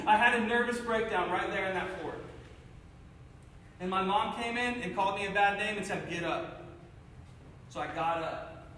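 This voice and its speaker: High-voiced man telling his testimony. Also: slight background noise. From Cincinnati, USA. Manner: intense storytelling, swinging between loud and hushed. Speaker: speaker sharing his testimony. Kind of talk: personal testimony to an audience. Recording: echoey hall, mic from far off.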